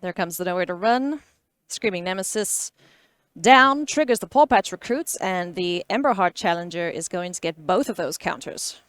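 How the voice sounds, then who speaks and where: A woman's voice: lowish voice, lively intonation, moderate pace, clear, resonant tone, no room sound. A woman commentating a card game match in an enthusiastic, playful way.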